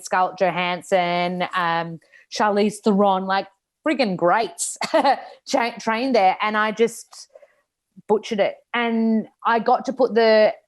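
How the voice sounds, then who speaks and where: An Australian woman in her thirties, an author talking openly about her own setbacks in a casual interview, with lots of likes and restarts. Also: medium pitch. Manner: open, reflective, frequent likes and restarts. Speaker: author and nutritionist guest. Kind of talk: candid casual interview talk.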